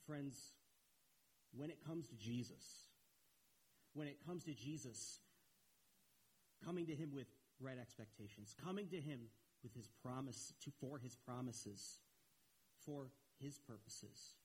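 A man preaching a sermon in an earnest way, repeating phrases for emphasis and rising in pitch as he gets animated. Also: slow pace, long pauses, slightly rough, rough recording.

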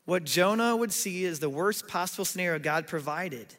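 A man preaching a sermon in a sanctuary, his voice pitched high with a gravelly edge. He tells the story with animated delivery and acts out what people said, and long reverb trails after him. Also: moderate pace. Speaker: pastor.

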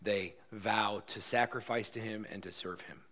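A man's voice: on the low side, steady tone, moderate pace, fairly bright tone. A man preaching a sermon as pastor, emphatic and conversational, acting out quoted lines.

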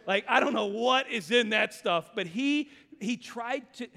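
Animated preacher man in a reverberant hall. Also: very high voice, unhurried, creaky. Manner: animated storytelling, acting out his son's voice. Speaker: pastor. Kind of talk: sermon.

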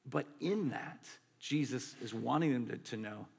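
A man's voice: medium pitch, moderate pace, vocal fry, darkish tone, slightly rough. A man in his forties preaching a sermon in a conversational way, often acting out quoted lines. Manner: conversational, acts out quotes in voices. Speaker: pastor.

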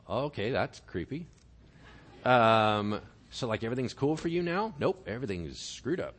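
A male pastor delivers a lively, conversational sermon. His voice rises and falls freely as he plays out little exchanges between people, keeping the tone informal and direct with the congregation. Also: medium pitch, moderate pace. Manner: animated, conversational preaching with acted-out dialogue.

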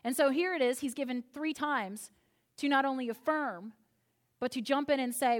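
Woman preacher, sermon, conversational asides, slightly high voice. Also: normal speed.

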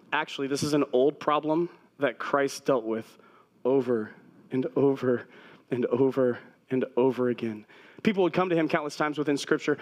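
A man preaching a sermon in a relaxed, conversational manner, repeating his main points for emphasis. He speaks at an ordinary middle pitch and talks directly to the people in front of him. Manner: conversational preaching, repeats key phrases, asides to the congregation. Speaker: pastor.

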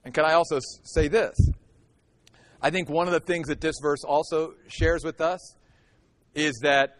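Male pastor, high voice, earnest sermon delivery with emphatic peaks. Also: fairly bright tone.

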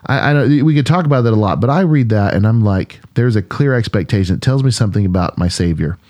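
A pastor co-hosting a podcast retells a Bible story in an earnest, musing, conversational way, restarting often. His voice is lowish and darkish, with lively intonation and a fast pace.

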